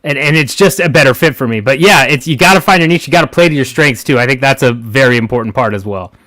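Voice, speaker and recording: A man's voice: medium pitch, sharp tone, dry recording. Candid American man talking shop. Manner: candid, self-deprecating, quick-talking. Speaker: guest. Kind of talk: casual chat.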